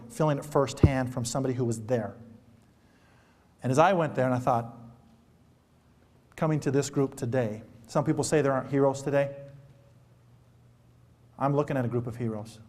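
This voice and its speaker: A man's voice: medium pitch, moderate pace, pauses often, darkish tone. A man giving a motivational keynote to an audience, telling a story in an earnest, emotional manner. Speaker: motivational speaker. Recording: reverberant hall.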